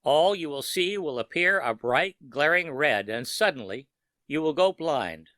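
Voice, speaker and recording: A man's voice: a little high, lively intonation, bright, forceful tone, dry recording, clean studio sound. A man voicing a coldly gloating wizard. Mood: menacing. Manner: slow, menacing and precise.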